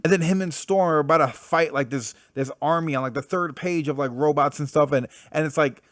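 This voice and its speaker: A young man giving a casual spoken comic book review, blunt and animated, swearing freely and full of fillers. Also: medium pitch, no echo, studio quality.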